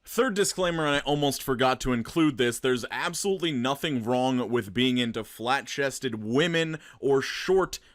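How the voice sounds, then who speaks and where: A man's voice: mid-range voice, normal speed, few pauses, a bit bright, no room sound, clean studio sound. A man giving a blunt, earnest commentary to camera as a vlogger, sometimes swearing.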